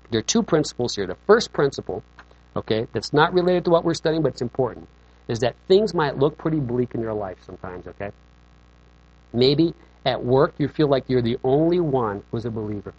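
A man's voice: mid-range voice, expressive, quick pace, a little mellow. A man preaching a sermon as pastor, in a conversational, joking way, often checking in with "okay?". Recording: dull lo-fi recording.

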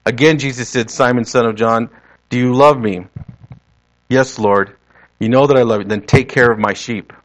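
Male preacher, mid-pitched voice, relaxed conversational sermon delivery. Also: moderate pace, rough recording. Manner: conversational, rephrasing as he goes.

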